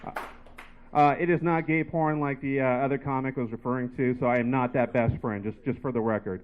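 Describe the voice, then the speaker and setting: A man's voice: mid-range voice, steady tone, brisk, clear, resonant tone. A man performing a stand-up set in a comedy bar, telling a rambling story full of filler words. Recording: tinny phone-like live recording.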